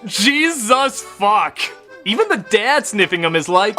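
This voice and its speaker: A man's voice: sits high, very animated, measured pace, sharp tone, soft background music. A man giving comedic review narration with sarcastic, crude remarks. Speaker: video reviewer.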